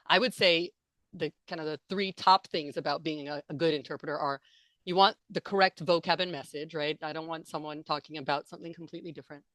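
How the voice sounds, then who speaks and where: A woman's voice: deep voice, steady tone, fast, fairly bright tone, no room sound. A young adult woman giving a chatty, playful online talk to interpreters, reading out and answering comments from the chat. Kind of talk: live webinar presentation with audience chat. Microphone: computer mic on a video call.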